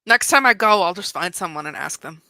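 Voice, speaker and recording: A woman's voice: lowish voice, animated, a little fast, sharp tone, no echo. A woman co-hosting a casual livestream, playful and teasing. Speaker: co-host.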